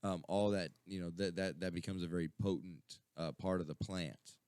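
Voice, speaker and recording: A man's voice: low-pitched, steady tone, normal speed, a little mellow, clean tone, dry recording, clean studio sound. A man co-hosting a casual radio chat, rambling and swearing, full of fillers and restarts. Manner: rambling, profane storytelling with many fillers. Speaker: radio show co-host.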